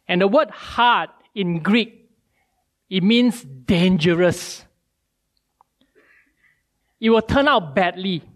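A male preacher, giving a sermon with animated storytelling and many rhetorical questions. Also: sits high, slow pace, pauses often.

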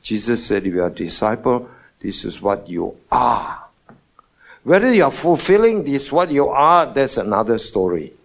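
A man preaching a morning sermon, stressing words with sudden loud and soft swings and asking his listeners questions. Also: medium pitch, sing-song, normal speed. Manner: emphatic, rising and falling in loudness for stress; asks the congregation rhetorical questions.

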